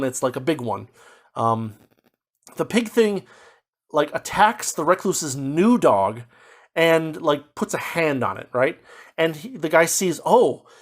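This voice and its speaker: A man giving a casual spoken book review, rambling with lots of fillers and restarts, now and then slipping into quick mock voices as he paraphrases. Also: on the high side. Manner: puts on brief mock voices when paraphrasing.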